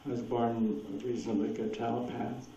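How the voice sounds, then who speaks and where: A man's voice: mid-range voice, flat delivery, a little fast, warm tone. Guy rambling through anecdotes at a talk, laughs a lot, far off mic in a big echoey room. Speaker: speaker answering audience questions. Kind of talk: lecture with audience Q&A. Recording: distant echoey room, dull lo-fi with hiss.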